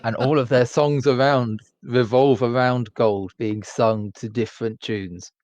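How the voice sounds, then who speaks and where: A man's voice: mid-range voice, fairly even intonation, a little slow, darkish tone, dry recording. A man chatting on a gaming stream, eagerly explaining book lore at length. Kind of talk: casual chat on a gaming stream. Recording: dry, dull lo-fi mic.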